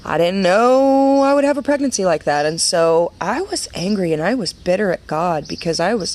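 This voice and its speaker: A woman's voice: mid-range voice, animated, normal speed, few pauses, darkish tone, a little hiss or hum. A woman in her thirties giving a personal faith testimony in an earnest, conversational way, full of fillers and restarts. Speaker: women's ministry speaker.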